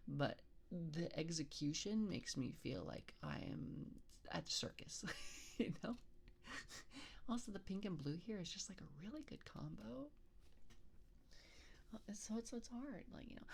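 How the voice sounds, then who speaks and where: A woman streamer chatting softly in an ASMR stream, hesitant and rambling, often slipping into a whisper, into a binaural microphone. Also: on the low side, expressive, measured pace, gravelly, long pauses, slight background noise. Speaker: VTuber streamer. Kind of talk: soft-spoken ASMR stream chat.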